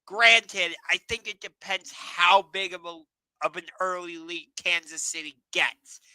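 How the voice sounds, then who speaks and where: A man with a high, sharply bright voice recorded dry and close. He co-hosts a casual sports podcast, hedging with frequent ums and tossing questions back to his partner. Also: a little slow, clear, resonant tone, dry recording, poor audio. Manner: hesitant, many ums, questioning. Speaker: podcast co-host.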